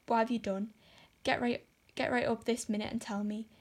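A woman reading an audiobook gives voice to a stern, sharp-tongued middle-aged guardian. She scolds briskly in a fairly high, flat voice, with a dry edge of sarcasm. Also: close to an everyday voice. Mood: scolding. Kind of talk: audiobook character voice.

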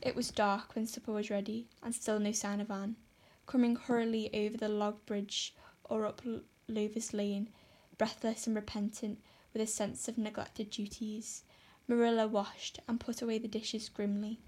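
A woman narrating a classic novel in steady, measured storytelling. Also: mid-range voice. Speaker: audiobook narrator. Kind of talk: scripted narration.

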